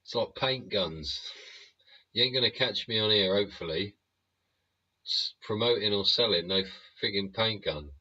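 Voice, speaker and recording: A deep-voiced man hosts a live stream in a blunt, rambling rant full of swearing. His voice is husky yet forceful. The audio is dull and lo-fi. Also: normal speed, pauses often. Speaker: livestream host.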